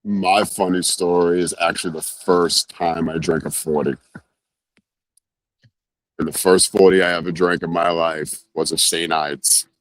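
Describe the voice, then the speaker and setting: A man's voice: deep voice, fairly even intonation, a little slow, no room sound. A man hosting a podcast, telling a childhood story in casual chat and swearing freely. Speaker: podcast host.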